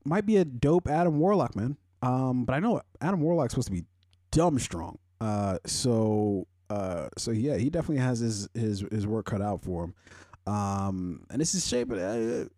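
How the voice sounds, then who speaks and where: A man talks through his own podcast in a loose, rambling way, swearing freely and leaning on fillers. His voice is mellow and warm, and it jumps sharply upward when he gets heated. The recording is dry and close. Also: sing-song, normal speed, no echo. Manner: rambling, profane, heavy on fillers; pitch jumps high when worked up. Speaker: podcast host. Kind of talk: casual solo commentary.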